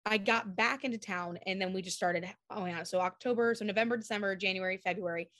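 A young adult woman, a chocolatier being interviewed, tells stories in a casual, animated way, acting out quoted voices and using lots of fillers. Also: medium pitch, fast. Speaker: guest chocolatier.

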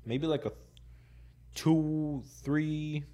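A podcast co-host with a fairly high, mellow voice tells a rambling story in casual chat, packed with "like"s, frequent laughter, and acted-out quotes. His intonation is fairly even and he speaks very slowly.

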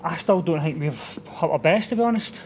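A man's voice: a little high, animated, normal speed. A Scottish man, a football manager, talking frankly in a casual interview. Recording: background noise.

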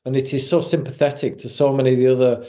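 A man's voice: mid-range voice, level tone, fast, warm tone. A man hosting a podcast, steering the talk in an easygoing way. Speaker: podcast host. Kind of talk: casual podcast chat.

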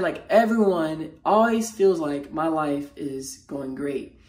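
His tone is darkish and his intonation lively as this man, a mental health motivational speaker, speaks unscripted in a personal vlog while feeling low. What he says comes out halting, raw and emotional, crowded with slangy fillers and restarts.

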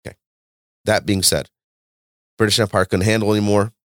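A man hosting a podcast, ranting and lecturing in a loud, profane, animated way. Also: on the low side, brisk, dry recording, clean studio sound. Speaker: podcast host. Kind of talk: casual podcast chat.

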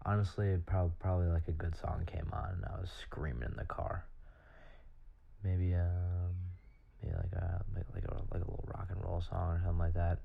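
Deep gravelly young man, lo-fi. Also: level tone. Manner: rambling, filler-heavy, halting restarts. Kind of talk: casual monologue answering questions. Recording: dull lo-fi sound.

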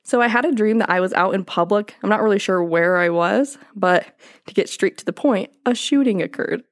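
A woman's voice: medium pitch, a little fast, no echo. A young woman co-hosts a casual podcast, reading from her notes in a mid-range voice. She keeps slipping into fits of giggles. The sound is dry and close. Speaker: podcast co-host.

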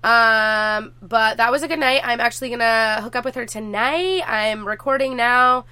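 A woman's voice: fairly high pitch, moderate pace, bright, forceful tone, clean tone, no echo. A young woman vlogging casually to her viewers, chatty and swearing freely as she tells stories.

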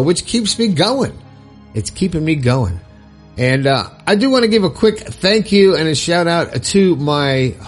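A man hosting his own podcast in a casual, upbeat and rambling way, with lots of fillers and frequent laughs. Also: medium pitch. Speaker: podcast host. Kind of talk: casual solo podcast talk.

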